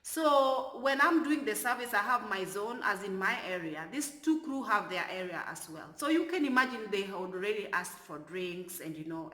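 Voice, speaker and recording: Woman flight attendant, animated storytelling, bright voice, echoey room. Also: medium pitch. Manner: animated retelling, rising loud when exasperated. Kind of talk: storytelling vlog.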